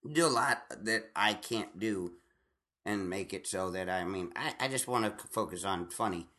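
A man's voice: lowish voice, normal speed, pushed and bright. A man co-hosting a casual chat, rambling and swearing freely, with many restarts. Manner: rambling, profane, frequent restarts and laughs.

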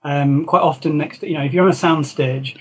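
Speaking briskly in a husky, highish voice with fairly even intonation, this film concept designer from Yorkshire guests on a casual interview. He tells rambling anecdotal stories in a Northern English accent, and the recording quality is low.

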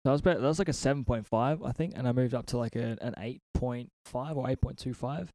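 A man's voice: mid-range voice, fast, a little mellow, no echo, studio quality. A man hosting a casual podcast from a friend's house, rambling through stories with lots of swearing and laughter. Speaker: podcast host.

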